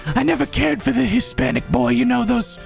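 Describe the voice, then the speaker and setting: A man's voice: extremely high pitch, fairly quick, vocal fry, faint music behind, voice pushed up, full character voice. A man voicing a vain, pushy old woman who scolds and rambles, for a game playthrough. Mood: haughty, rambling.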